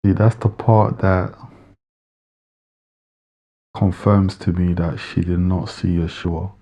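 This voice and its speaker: A man's voice: sits low, steady tone, slow pace, dark tone. A man giving earnest, insistent commentary as he reacts to a video clip. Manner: earnest, insistent, repeats for emphasis.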